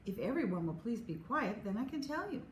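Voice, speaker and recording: A woman voicing a calm, firm first-grade teacher. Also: fairly high pitch, fairly quick. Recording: echoey room, faint hum.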